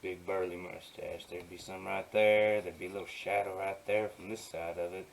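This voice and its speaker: A man narrating his digital painting tutorial in a soft, easygoing way, often dropping to a murmur and adding playful asides. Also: low-pitched, flat delivery, normal speed, creaky, rough recording. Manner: playful asides while working. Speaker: digital artist.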